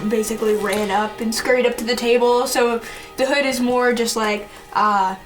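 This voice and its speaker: A woman's voice: fairly high pitch, steady tone, normal speed, faint music behind, rough recording. A woman playing a tabletop role-playing game, talking in a bubbly, eager way. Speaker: player.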